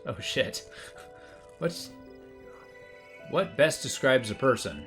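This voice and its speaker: A man's voice: mid-range voice, big pitch swings, takes it slowly, fairly bright tone, faint music behind. A man streaming a puzzle game, commenting casually and reading the on-screen text aloud with offhand remarks.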